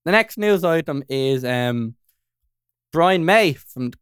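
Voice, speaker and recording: A man's voice: on the high side, lively intonation, slow pace, fairly bright tone, clean tone, dry recording, clean studio sound. A man co-hosting a podcast in a casual, rambling chat, forever checking in with "you know what I mean". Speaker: podcast co-host.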